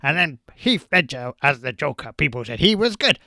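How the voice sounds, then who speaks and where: A man's voice: fairly high pitch, sing-song, moderate pace, gravelly, sharp tone, dry recording, studio quality, pitched above the performer's own voice, full character voice. A man putting on a boastful, crude older male film star, rambling as he brags. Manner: brash, rambling bragging.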